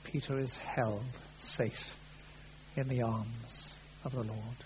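A man preaching a sermon, earnest, rising loud and then falling soft. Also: mid-range voice, fairly even intonation, slow. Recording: dull lo-fi sound with faint hum.

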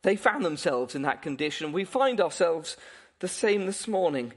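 A man preaching a sermon in a fairly high voice that swoops up and down with lively energy. He keeps asking the congregation questions, breaks into short chuckles, and restarts his phrases as he goes. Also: moderate pace.

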